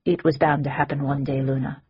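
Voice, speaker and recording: A tired, measured male fae duke, read by a woman in an audiobook, speaks in a low, husky voice. The audio is slightly muffled. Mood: weary. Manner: weary, measured.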